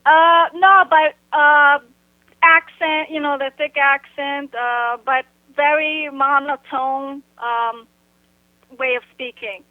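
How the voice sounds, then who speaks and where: A woman guest on a phone line, telling her story bluntly and haltingly, with plenty of "you know" and "like". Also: high-pitched, steady tone, dry recording. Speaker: guest recounting an encounter. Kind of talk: casual phone interview.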